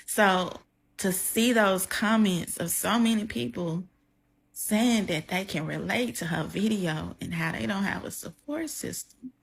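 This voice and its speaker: A woman's voice: mid-range voice, unhurried, creaky, husky. A young woman talking heartfelt to her camera in a vlog, close to tears. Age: young adult. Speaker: content creator. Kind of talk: emotional reaction vlog. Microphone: camera mic, facing camera.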